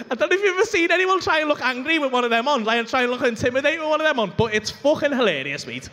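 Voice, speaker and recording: A young man with a Liverpool accent telling a rambling, swearing, animated story as a stand-up comedian on a club stage. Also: very high-pitched, fast. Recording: reverberant comedy club hall.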